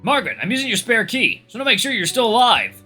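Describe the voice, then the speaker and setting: A man's voice: very high voice, sing-song, quick pace, sharp tone, husky, faint music behind, pitched above the performer's own voice, full character voice. A man voicing a worried young man who calls out to check on his friend. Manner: concerned, calling out.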